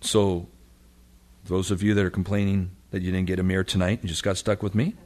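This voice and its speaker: Slight background noise accompanies a pastor whose deep voice moves a little fast. Reading scripture aloud during his sermon, he animatedly acts out the words of the people and of God.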